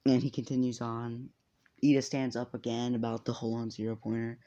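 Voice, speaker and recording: A man's voice: mid-range voice, little pitch movement, a little fast, mellow, highs cut off. A man casually retelling a fan story, rambling, laughing and swearing as he goes.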